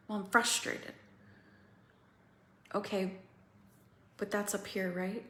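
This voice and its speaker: A woman coaching other women through a feeling practice, slow and pausing, candid and swearing now and then. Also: mid-range voice, level tone, a bit bright, echoey room. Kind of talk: guided emotional coaching talk.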